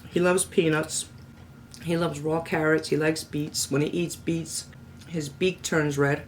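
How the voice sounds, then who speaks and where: A woman's voice: flat delivery, a little slow, a little hiss or hum. Chatty middle-aged woman vlogger. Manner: chatty, talks to her parrot in a high sweet voice. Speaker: cooking channel host. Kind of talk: casual chat to camera.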